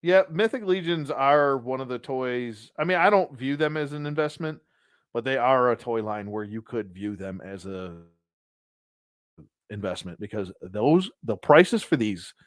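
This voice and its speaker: A man hosting a casual toy collector review, rambling, laughing at himself and sometimes dropping to a hushed storytelling voice. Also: mid-range voice, animated, unhurried, dry recording. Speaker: toy collector channel host.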